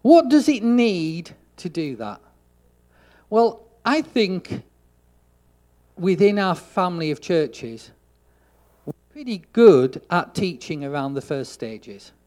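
A man preaching a sermon, telling a story and acting out the dialogue, getting loud for emphasis. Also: sits high, sing-song, slow pace, long pauses.

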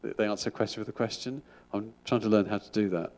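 A man's voice: lowish voice, fairly even intonation, fast talker, darkish tone. A middle-aged man, a school chaplain, giving an informal sermon in a chatty, rambling way with frequent restarts.

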